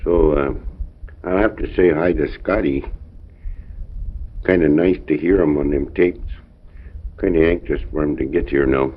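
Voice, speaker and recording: A man talking plainly at home in short, unhurried remarks, recording a family audio letter. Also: very deep voice, fairly even intonation. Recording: thin, narrow old home tape recording.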